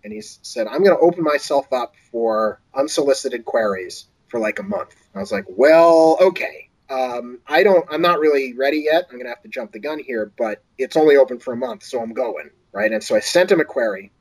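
A man's voice: a little fast, few pauses, low-quality recording. A man, an author guest on an interview podcast, telling a story casually and acting out other people's lines in a lifted voice. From Boston area. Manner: animated, acts out quoted voices in a higher pitch.

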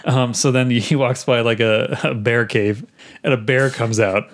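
A man's voice: medium pitch, a little slow. Man chatting casually about games. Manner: rambling, animated retelling with laughs. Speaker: podcast co-host. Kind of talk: casual game chat.

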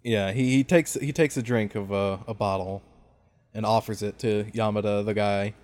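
A man's voice: fairly low pitch, fairly even intonation, normal speed, a little mellow, dry recording. A man casually narrating a video game scene step by step to a friend.

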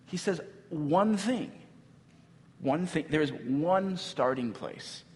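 A man's voice: fairly high pitch, lively intonation, takes it slowly, a little mellow. A male pastor giving a sermon in a casual, conversational way, with filler words and light laughs. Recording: long hall reverb.

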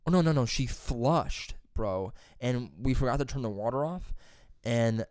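A man's voice: medium pitch, animated, a little slow, darkish tone, smooth, dry recording, clean studio sound. A young man telling a rambling, profane work story in casual chat. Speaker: plumber's helper telling a story.

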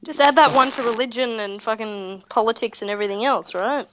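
A woman's voice: a little high, fairly bright tone, dull audio. Woman co-host, playful jabs, faint background hiss. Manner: teasing, quick reactions, swears casually. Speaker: podcast co-host. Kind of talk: casual chat.

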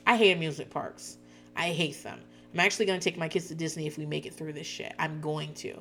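Thirties woman, podcast host, lower-pitched voice, casual and profane recap chatter. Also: steady tone, fast, gravelly, a bit bright, faint music behind. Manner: chatty, profane, laughs often. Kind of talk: casual chat recapping a reality show.

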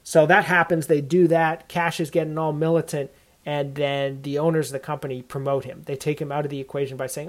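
A man's voice: on the high side, level tone, fairly quick. A man hosting his own podcast, reviewing a film in a loose, conversational way with frequent fillers. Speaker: podcast host. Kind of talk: casual spoken film review.

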